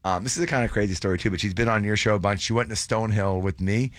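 A man's voice: lowish voice, racing, no echo, studio quality. A young man, chatting eagerly as a guest about an event, rambling with fillers. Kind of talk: casual chat.

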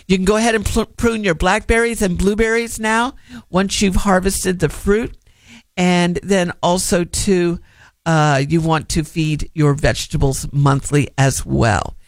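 Chatty gardening radio host. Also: male voice, sits high, fairly even intonation, unhurried, no room sound. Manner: chatty, friendly, rambling with fillers. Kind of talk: casual radio gardening advice.

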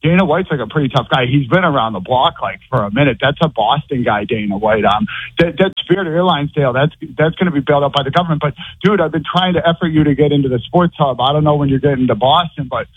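A man's voice: on the high side, slightly rough, dry recording. Rambling male caller on a tinny phone line. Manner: rambling, rapid, excitable. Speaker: radio show caller. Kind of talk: phone-in call.

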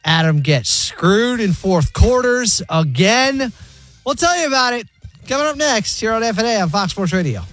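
A man's voice: high voice, expressive, moderate pace, fairly bright tone, faint music behind. A man co-hosting a sports radio show, tossing in short reactions and reading the next segment.

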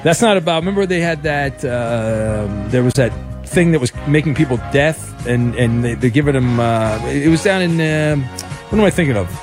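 A man hosting a sports talk radio show, bantering in a quick, joking manner. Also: mid-range voice, animated, over music. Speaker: radio host.

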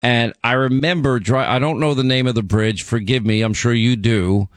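A man's voice: medium pitch, steady tone, moderate pace, no room sound, studio quality. A man hosting a call-in radio show, chatting with callers and rambling through personal stories. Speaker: radio talk show host.

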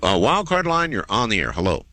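Lively, dramatic male radio host. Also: lowish voice, no echo. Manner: dramatic, drawn-out delivery with wide swings. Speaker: radio talk show host. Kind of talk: late-night call-in radio. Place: radio studio.

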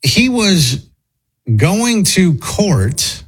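A man's voice: sits high, very animated, extremely slow, husky. A man hosting a casual talk show, rambling and opinionated with frequent restarts. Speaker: podcast host. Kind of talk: casual commentary chat.

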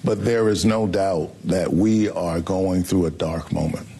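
Low husky guy talking like a preacher in an interview, lots of ums, quotes scripture. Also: fairly even intonation, a little slow, warm tone. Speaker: senator and pastor, interview guest. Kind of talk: reflective interview answer.

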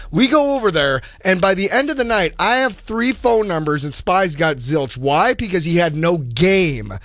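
Animated man telling a story. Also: high voice, moderate pace, hardly any pauses, no echo, clean studio sound. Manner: animated, acts out dialogue. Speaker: co-host. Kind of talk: casual banter and storytelling.

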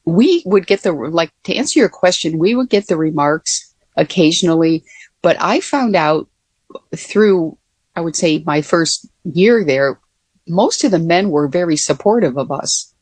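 A woman's voice: on the low side, animated, unhurried, darkish tone, husky, no room sound. An older woman, a former Air Force pilot, telling stories in a casual interview with many fillers and restarts.

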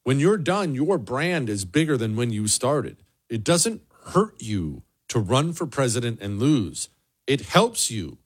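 A man delivers an opinionated solo monologue as the host of a commentary show. His pitch moves a lot, rising and dropping for emphasis, while his voice stays in an ordinary middle register. He sounds sarcastic and emphatic and often repeats phrases. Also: sing-song, measured pace, breathy edge.

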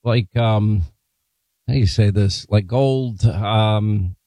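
A man's voice: lowish voice, takes it slowly, mellow, dry recording. A man hosting a radio talk show, teasing his co-host and rambling in casual on-air banter.

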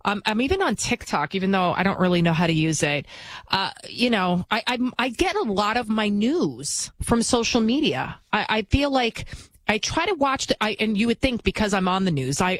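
A woman filling in as host of a talk show, delivering an animated, opinionated monologue full of anecdotes. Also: mid-range voice, moderate pace, no echo. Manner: animated storytelling, acts out quoted voices.

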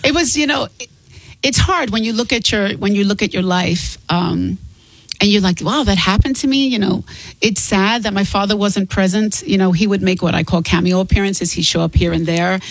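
A woman's voice: mid-range voice, fairly even intonation, normal speed, vocal fry, no echo, low-quality recording. Middle-aged woman, frank and sincere interview guest, close dry sound. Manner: candid, earnest, laughs easily. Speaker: guest author and singer. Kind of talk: casual interview talk.

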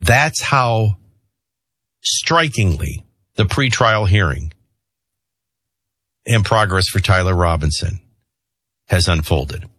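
A middle-aged man hosting a show, rambling between personal stories and opinion rants in an animated way. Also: deep voice, slow pace, pauses often, husky, no room sound. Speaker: host. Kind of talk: opinion monologue with storytelling.

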